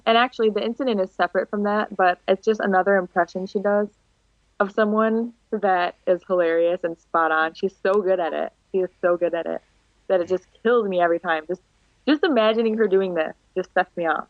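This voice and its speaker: A woman's voice: medium pitch, fairly quick, no echo. Giggly young woman telling stories. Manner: giggly, animated storyteller, laughs often. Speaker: podcast guest, wrestler. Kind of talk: casual podcast chat. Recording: dull lo-fi dry sound.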